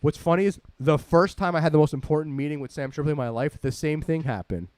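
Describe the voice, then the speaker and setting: A man casually telling a rambling, animated story full of swearing, as a podcast host. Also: a little high, fast talker, dry recording.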